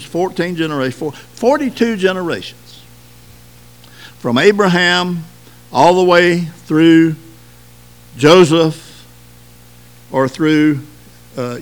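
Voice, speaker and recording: A man preaching a sermon at an unhurried, measured pace. His voice sits a little higher than most men's, and he leans into key words with slow emphasis. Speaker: pastor.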